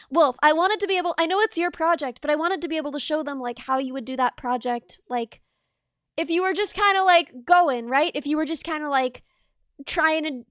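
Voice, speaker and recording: Bright, high-voiced playful woman streamer. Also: no room sound, clean studio sound. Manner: playful, teasing, mock-indignant. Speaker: streamer host. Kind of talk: casual stream chat.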